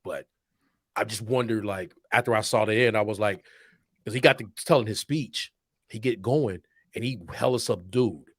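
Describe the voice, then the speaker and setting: A man's voice: on the low side, moderate pace, no room sound, studio quality. A man co-hosting a podcast, talking in a loose, slangy way and laughing often. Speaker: podcast co-host. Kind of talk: casual chat.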